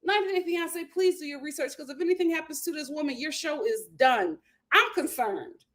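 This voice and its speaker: A woman's voice: sits high, animated, a little fast, fairly bright tone. A woman hosting a casual reality TV recap and reading viewer comments, opinionated and talking straight to her audience. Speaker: host.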